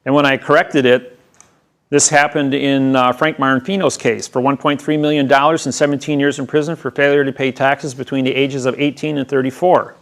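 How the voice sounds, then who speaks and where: A man speaking at a seminar, telling a long story in a rambling, halting way with frequent restarts and a colloquial "I says". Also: mid-range voice, little pitch movement. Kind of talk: storytelling lecture.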